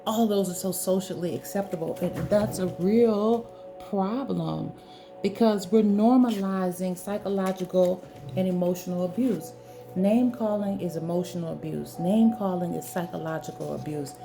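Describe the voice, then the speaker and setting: A woman's voice: lowish voice, moderate pace, creaky, music in the background. A woman giving an earnest, preachy talk straight to the viewer, hammering her points home with repeated emphatic phrases. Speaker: spiritual wellness speaker. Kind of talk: direct-to-camera talk.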